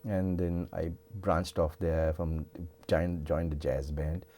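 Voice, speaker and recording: His voice is extremely low, level, slow, and warm: an older Sri Lankan English-accented singer giving a casual storytelling interview in a television studio, rambling and restarting often.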